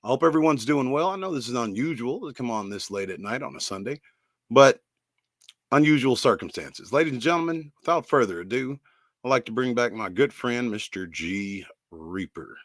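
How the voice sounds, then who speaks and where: A man's voice: medium pitch, lively intonation, moderate pace, dry recording, studio quality. A man hosting a late-night online show, talking in a loose, folksy way. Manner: loose, folksy, hesitant with fillers. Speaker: host.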